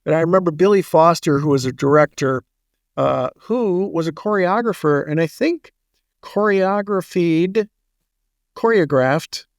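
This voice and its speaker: A man's voice: a little high, expressive, creaky, dry recording, clean studio sound. A middle-aged man co-hosting a podcast, chatting casually and telling stories full of puns and dad jokes. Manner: jokey, storytelling, quick asides and dad jokes. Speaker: podcast co-host. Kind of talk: casual chat.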